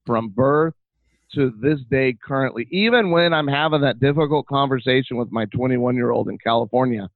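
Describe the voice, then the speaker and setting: A man's voice: mid-range voice, moderate pace, no room sound. A middle-aged man talking as a guest, telling stories with animation and many restarts. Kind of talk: casual interview chat. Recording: tinny phone-like line.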